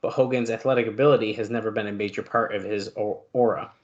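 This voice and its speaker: A lowish, steady voice moves fast as this podcast co-host reads long news stories, adding fillers and asides throughout. The audio is dull.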